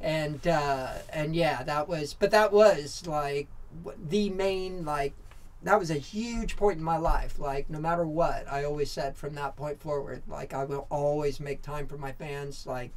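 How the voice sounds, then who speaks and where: A man in his forties with an American accent talks through his memories as a podcast guest. His voice sits a little higher than most men's. He tells it candidly and in loose rambling runs, full of fillers, restarts and casual swearing. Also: measured pace. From Southern California, USA. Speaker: podcast guest, former motorcycle racer. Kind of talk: casual storytelling interview.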